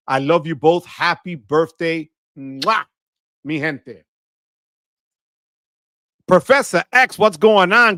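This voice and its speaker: Hyped-up bright-voiced male livestream host. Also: fairly high pitch, dry recording, studio quality. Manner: energetic, hype shout-outs with slang and Spanish words. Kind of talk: casual live chat greeting viewers.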